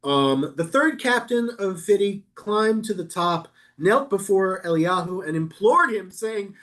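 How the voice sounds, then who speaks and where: A man leading a Bible study as rabbi, reading verses aloud and riffing on them with quick jokes. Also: high-pitched, expressive, fairly bright tone. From New York. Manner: playful, quick asides, reads verses then riffs. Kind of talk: casual text study, reading aloud and joking.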